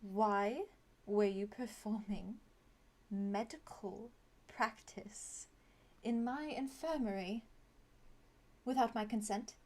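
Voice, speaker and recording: A woman's voice: medium pitch, slow pace, long pauses, a little mellow. A woman voicing a stern hoofed school nurse. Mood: scolding. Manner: scolding, clipped and indignant.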